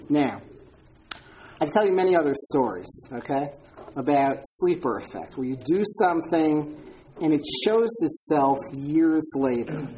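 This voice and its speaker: A woman's voice: sits low, warm tone, slight background noise, rough recording. A woman giving an informal talk and answering audience questions, speaking conversationally with repeated words and frequent ums as she tells stories. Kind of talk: informal lecture with Q&A.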